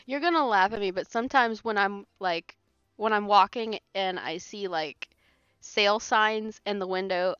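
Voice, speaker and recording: A woman's voice: medium pitch, slow pace, long pauses, pushed and bright, clean tone, dry recording. A woman chats loosely while she plays a game on stream, her talk full of fillers and frequent laughter. The recording is dry and a little muffled, with faint music underneath. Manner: laughs often, rambling with many fillers. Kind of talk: casual chat while playing a game live.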